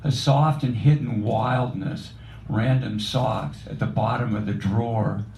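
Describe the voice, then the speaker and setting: Slow, mellow man reciting a poem. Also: medium pitch, fairly even intonation, vocal fry. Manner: measured, reflective recitation. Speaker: open mic poet. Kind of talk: poetry reading. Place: cafe. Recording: echoey cafe room.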